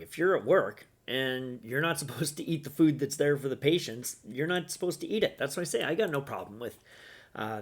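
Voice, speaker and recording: A man giving blunt, opinionated casual commentary on news stories, with mild profanity. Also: medium pitch.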